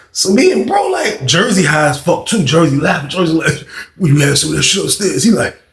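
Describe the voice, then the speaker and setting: Brief: young adult man, high-pitched voice, animated storyteller who jumps from mutters to shouts, roomy echo. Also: fairly quick. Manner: animated, swings from low mutter to loud shouts acting out quotes. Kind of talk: casual storytime monologue. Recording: echoey room.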